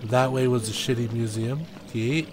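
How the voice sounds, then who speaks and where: A man's voice: medium pitch, moderate pace. Profane, frustrated male game streamer. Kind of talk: live gameplay commentary. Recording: game music behind voice.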